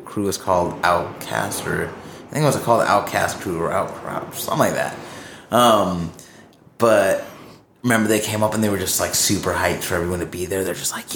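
A man's voice: low voice, moderate pace, a bit bright, echoey room, slight background noise. A man in a band, telling a rambling tour story in casual chat, swearing a lot and acting out what people said. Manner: rambling storyteller, heavy swearing, acts out quotes.

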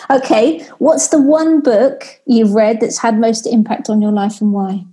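Mellow-voiced female interviewer. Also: a little high, steady tone, takes it slowly. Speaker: podcast host. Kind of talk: interview questions.

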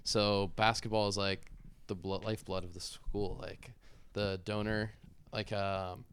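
A man's voice: lowish voice, little pitch movement, unhurried, a bit bright, clean tone. A man with a Southern US accent, a guest chatting casually and telling rambling, self-interrupting stories. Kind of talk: casual chat.

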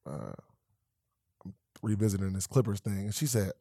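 A man's voice: fairly low pitch, big pitch swings, normal speed, long pauses, a little mellow, dry recording, clean studio sound. Laid-back man telling stories, swearing. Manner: laid-back, swears freely, acts out quotes, laughs while telling. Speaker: guest, professional athlete. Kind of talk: casual interview storytelling.

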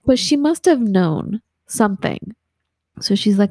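Chatty Southern Californian woman, mellow tone. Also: medium pitch, a little slow, vocal fry, dry recording, clean studio sound. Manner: chatty, animated storyteller with frequent "like" and laughs. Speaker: guest. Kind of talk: casual conversation.

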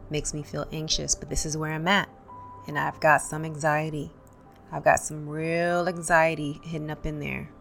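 A woman leading a guided tapping session, calmly calling out tapping points and repeating affirmations for listeners to echo. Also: low voice, creaky. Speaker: tapping instructor.

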